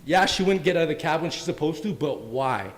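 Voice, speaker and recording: A man's voice: on the high side, expressive, a little fast. A man from Canada, a police officer on a community panel, telling stories in an earnest, anecdotal way and often ending lines with "right?". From Windsor, Canada. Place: event hall. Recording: long hall reverb.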